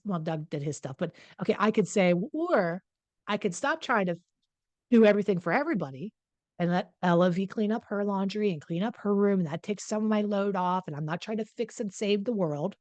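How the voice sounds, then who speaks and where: A woman's voice: mid-range voice, animated, a little fast, no room sound. A middle-aged woman coach talking casually and candidly to the camera, mocking herself in a chatty way. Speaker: relationship coach. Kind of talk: casual direct-to-camera talk.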